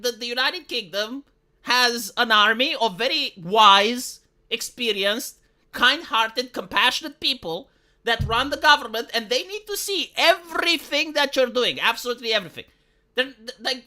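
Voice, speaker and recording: Woman streamer with a Romanian accent: bright, lively pitch, sarcastic profane rant. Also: normal speed. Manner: sarcastic, profane, mocking quoted voices. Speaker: live streamer. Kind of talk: ranting commentary stream.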